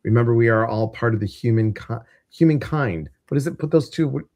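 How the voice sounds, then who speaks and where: A man's voice: medium pitch, brisk, darkish tone, no room sound, studio quality. A man with a Midwestern American accent hosting a casual livestream, chatty and rambling with lots of fillers. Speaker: host.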